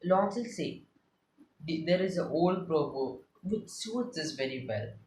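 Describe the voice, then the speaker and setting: Lady tutor going over a play, chatty, keeps repeating lines, lowish voice, echoey room. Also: expressive, measured pace, a little mellow, a little hiss or hum. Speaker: literature tutor. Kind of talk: explaining a play with read-aloud passages.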